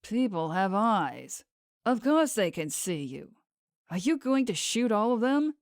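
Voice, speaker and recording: Woman voicing a curt, gruff hired thug. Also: mid-range voice, big pitch swings, measured pace, no echo, clean studio sound. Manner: curt, threatening. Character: gruff male hired thug, blunt and mercenary.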